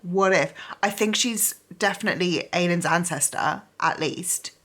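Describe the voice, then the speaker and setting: A woman's voice: fairly low pitch, normal speed, fairly bright tone. A woman talking casually as a book vlogger, gushing and chatty with lots of fillers. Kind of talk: casual reading vlog.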